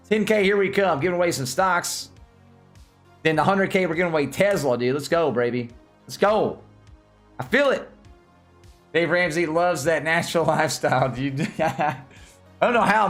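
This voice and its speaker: With a fairly high pitch at normal speed, a Tennessee man with a Southern accent hosts a livestream, chatting casually and laughing a lot. He's lively and excitable, and faint music plays behind him.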